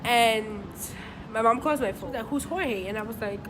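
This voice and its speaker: A woman's voice: a little high, fairly even intonation, normal speed, noisy background. A woman co-hosting a vlog, telling a story casually with loose, profane slang and lots of fillers. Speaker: vlog co-host.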